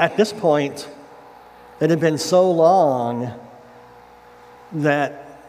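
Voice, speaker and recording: A man's voice: fairly high pitch, darkish tone, a little hiss or hum. A man, a pastor, giving a casual, conversational sermon. He retells a scripture story in everyday words and checks in with the congregation. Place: church sanctuary. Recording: echoey hall with faint ambience.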